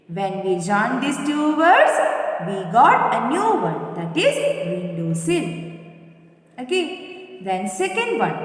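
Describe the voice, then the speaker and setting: A woman teacher with an Indian English accent, slowly spelling words letter by letter and repeating them for young pupils. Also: sits high. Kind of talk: classroom English lesson. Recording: very echoey room with long reverb.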